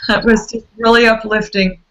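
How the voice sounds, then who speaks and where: Worn out gravelly lady running a book club video chat, kinda high voice, gushing. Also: little pitch movement, moderate pace, low-quality recording. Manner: warm, effusive, chatty. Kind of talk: casual online chat. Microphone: video call.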